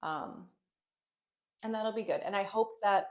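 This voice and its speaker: Woman yoga teacher, chatty and informal, lots of ums and likes, mid pitch. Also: measured pace, darkish tone. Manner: chatty, with many ums and likes, laughing lightly. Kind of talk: casual spoken yoga class instruction.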